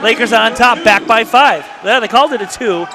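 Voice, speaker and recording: A man doing play-by-play for a high school basketball game in a school gym, rattling off the action quickly and breaking into excited shouts with folksy asides. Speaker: play-by-play announcer. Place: school gymnasium. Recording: cheering gym crowd and noise behind.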